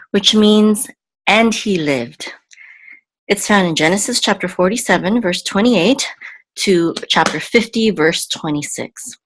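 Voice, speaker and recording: A woman teaching a reading lesson, patient and careful, often pausing with ums and repeating syllables. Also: medium pitch, fairly bright tone. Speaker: Hebrew teacher.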